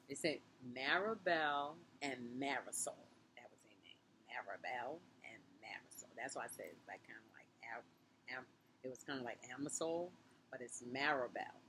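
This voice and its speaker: A woman's voice: slight background noise, poor audio. A woman telling a personal story in a casual storytime monologue, chatty and conversational, often dropping her voice to a whisper for asides. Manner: rises loud and high when reliving confrontations.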